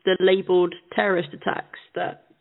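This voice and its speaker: A woman co-hosting a casual call-in talk show, chatting in a relaxed, agreeable way. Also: fairly low pitch, moderate pace, vocal fry. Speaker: co-host. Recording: phone line.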